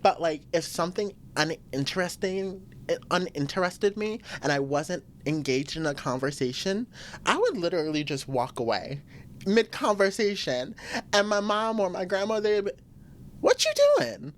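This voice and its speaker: A woman's voice: on the low side, expressive, moderate pace. A woman hosting a podcast on her own, venting in a blunt, profane, emphatic way. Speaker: podcast host. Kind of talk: casual solo podcast venting.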